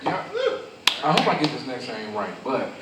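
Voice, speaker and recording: A man at a pub comedy night teasing another comic in halting banter. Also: medium pitch, big pitch swings, recorded from a distance, noisy background. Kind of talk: banter on stage. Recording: echoey pub room, mic from afar, crowd behind.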